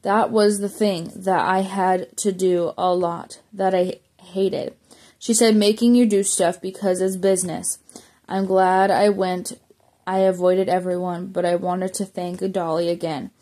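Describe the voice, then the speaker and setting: Lady reading a memoir out loud, mellow warm voice, little slips and restarts here and there. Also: lowish voice, little pitch movement, unhurried. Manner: plain reading with small slips and self-corrections. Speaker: audiobook reader.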